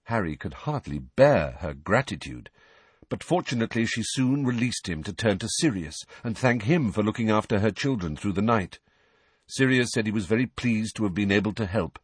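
A male audiobook narrator with a lowish, husky voice and animated, expressive delivery. The recording is dry and close-miked, with no room sound. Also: moderate pace, dry recording. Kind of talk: scripted narration.

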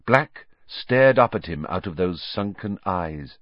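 Slow, expressive male audiobook narrator. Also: low-pitched, no room sound, muffled recording. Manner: expressive, measured reading. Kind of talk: scripted narration.

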